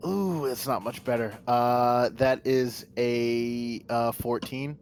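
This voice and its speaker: Male player, average pitch, halting and filler-heavy, faint noise behind. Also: darkish tone. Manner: hesitant, restarting, many fillers. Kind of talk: tabletop game play.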